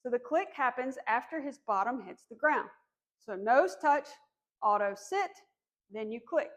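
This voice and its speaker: A woman dog trainer calmly explaining commands during a demonstration, encouraging and firm on cues. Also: a little high, unhurried. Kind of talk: instructional demonstration.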